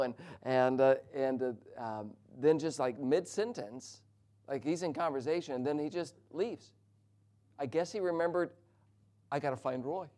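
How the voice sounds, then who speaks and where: A middle-aged man preaching a sermon, praying and then telling a humorous personal story with lively, animated delivery. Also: on the high side.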